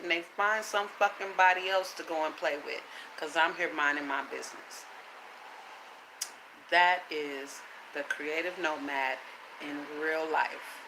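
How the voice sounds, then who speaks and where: A woman vlogging to camera in a casual monologue, blunt and profane, asking rhetorical questions in a calm, preachy way. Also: low voice, measured pace, noisy background.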